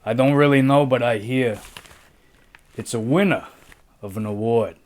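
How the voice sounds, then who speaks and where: A man co-hosting a casual book show, jokey and unhurried, with some swearing. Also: mid-range voice, a little mellow. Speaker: co-host. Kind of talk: casual chat.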